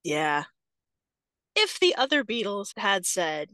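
A thoughtful woman in a relaxed podcast chat who poses questions and turns ideas over. Her intonation swings widely, and the recording is dry and close. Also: mid-range voice, measured pace, dry recording.

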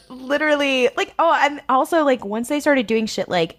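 A woman in casual, rambling fan chat, excitable and swearing often. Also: sits high, normal speed, few pauses.

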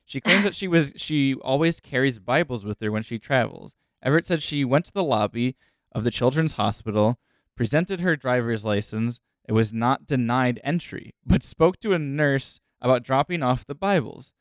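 A man's voice: mid-range voice, lively intonation, moderate pace, no room sound, studio quality. A young man co-hosting a comedy podcast, reading news articles aloud casually and breaking into laughing asides. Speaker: podcast co-host.

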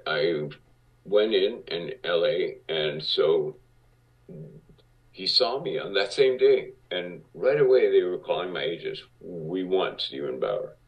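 A man from Cuba, a guest on an interview show, telling anecdotes in a lively way and acting out what people said. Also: low voice, slow. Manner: animated, acts out quotes. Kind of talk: casual interview storytelling. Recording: distant, dull lo-fi audio.

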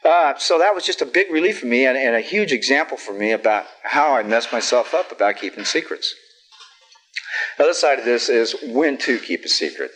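At a recovery meeting, a middle-aged man shares a personal story, speaking candidly and plainly with lots of fillers and some self-deprecating humor. His voice is mid-range and slightly bright, and the audio quality is poor.

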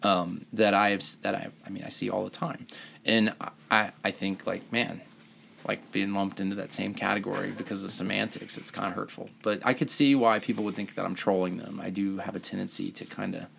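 A man's voice: low voice, level tone, brisk, creaky, a bit bright, slight background noise. A man, a surgeon hosting a podcast, telling rambling self-mocking stories in casual chat.

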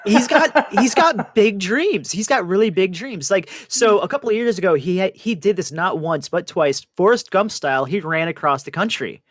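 A man's voice: high-pitched, moderate pace, few pauses, dry recording. A man co-hosting a casual radio show, telling a wild news story with lots of energy and putting on voices for the people in it. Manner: animated storyteller, puts on voices for quoted people. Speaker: radio co-host.

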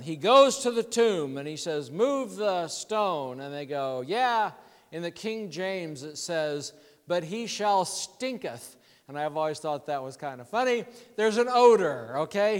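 A man preaching a sermon as a pastor, telling a story in a conversational, animated way. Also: a little high, long reverb tail.

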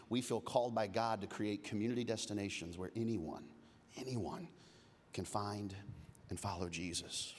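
A man in his forties preaching a sermon as a pastor, telling lively, humorous stories that swing between loud bursts and low, hushed moments. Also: a little hiss or hum. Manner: lively storytelling, humorous asides. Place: church auditorium. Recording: long reverb of a large hall.

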